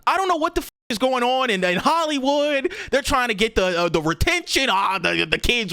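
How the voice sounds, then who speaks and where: A young man streaming a casual, animated rant to his chat, swearing often and jumping up in pitch to stress a point. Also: no room sound, clean studio sound.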